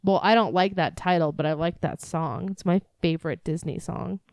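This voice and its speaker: A young woman co-hosting a podcast in casual chat, blunt and animated, swearing freely. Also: moderate pace, creaky, no echo, clean studio sound. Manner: blunt, swears a lot, animated, jumps high when mimicking. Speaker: podcast co-host.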